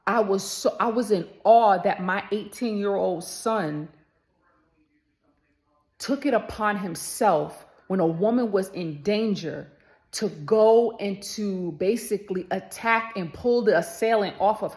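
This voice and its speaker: A woman's voice: medium pitch, a little slow, darkish tone. A woman, chatting casually to camera and telling a story, addressing viewers as y'all and acting out the voices in it.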